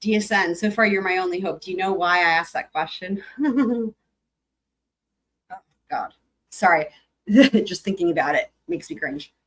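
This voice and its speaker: A woman's voice: lowish voice, measured pace, long pauses. A young adult woman hosting a livestream, chatting casually with viewers, rambling and laughing, swearing freely. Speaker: livestream host.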